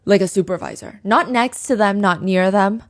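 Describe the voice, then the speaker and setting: A woman hosting a true crime podcast, retelling a case in a chatty, casual way full of "like" fillers and quick asides. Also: mid-range voice. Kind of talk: casual storytelling chat.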